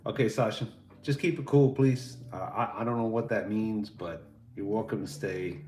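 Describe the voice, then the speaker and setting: A man hosting a livestream chats with viewers in a rambling, laid-back, profane way. His voice is on the low side and darkish, with fairly even intonation at a moderate pace. The recording has a roomy echo, faint background music, and slight noise.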